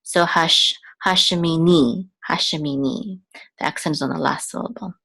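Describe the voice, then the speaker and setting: A woman teaching how to read and chant scripture, explaining patiently with pauses and restarts. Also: deep voice, fairly even intonation, creaky, bright, forceful tone, husky. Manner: patient, hesitant, with fillers and restarts while pointing at text. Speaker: Biblical Hebrew teacher. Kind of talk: explanatory lesson with chanted examples.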